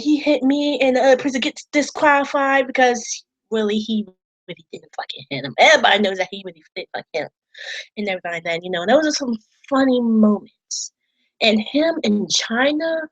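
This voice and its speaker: A woman's voice: on the high side, low-quality recording. A woman talking casually to camera about wrestling, rambling and repeating herself, emotional and swearing at times. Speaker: wrestling vlogger. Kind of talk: casual vlog talk.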